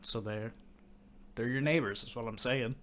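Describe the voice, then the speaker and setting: A man's voice: mid-range voice, moderate pace, a bit bright. Laid-back male podcast co-host. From Michigan. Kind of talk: casual movie podcast chat.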